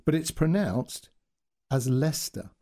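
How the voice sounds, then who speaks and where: A man's voice: on the high side, lively intonation, a little slow, warm tone, voice pushed up. A man voicing a flustered young male language teacher who stammers and hesitates. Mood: explaining.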